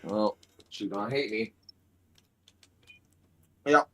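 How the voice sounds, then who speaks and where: A man's voice: on the low side, slow. A young man co-streaming a game, chatting casually with crude jokes. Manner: crude, joking banter. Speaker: gaming co-streamer. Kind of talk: casual chat while playing a game.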